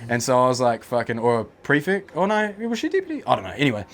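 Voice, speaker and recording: Young man, New Zealand accent, quick talker, casual slangy storyteller, swears freely. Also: medium pitch. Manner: swears a lot, heavy slang, lively anecdotes. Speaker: guest.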